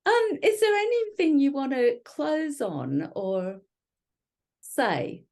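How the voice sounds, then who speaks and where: Lively-toned Australian woman host. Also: sits high, slow pace. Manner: warmly encouraging, frequent laughs and agreeing. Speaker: podcast host. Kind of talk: casual interview chat.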